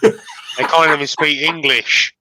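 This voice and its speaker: A man's voice: fairly high pitch, fairly even intonation, slow pace, bright, forceful tone, rough recording. A man on a live stream, trading dry wisecracks. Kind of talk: casual banter.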